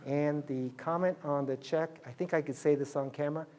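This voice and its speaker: A man's voice: on the high side, fairly even intonation, moderate pace, darkish tone. A middle-aged man telling a business story to students, acting out the dialogue in quoted voices.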